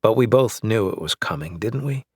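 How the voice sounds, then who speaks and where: A man narrating a novel in the first person, measured and wry. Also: on the low side, animated, husky, dry recording, clean studio sound. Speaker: audiobook narrator.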